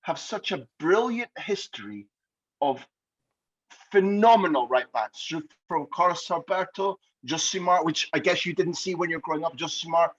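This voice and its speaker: Scottish podcast host, husky, animated and playful, slightly dull lo-fi sound. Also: male voice, fairly high pitch, moderate pace. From Scotland. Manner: playful, jokey questioning. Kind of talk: podcast interview.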